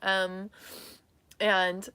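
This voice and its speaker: A woman psychic medium giving a live reading, speaking in a halting, emotional way with many restarts, at times tearful. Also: mid-range voice, level tone, sharp tone, clear, resonant tone.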